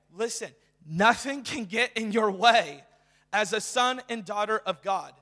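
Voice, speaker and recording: A young man preaching a sermon in a church, talking casually and excitedly with lots of fillers. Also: sits high, measured pace. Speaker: guest preacher. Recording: reverberant hall.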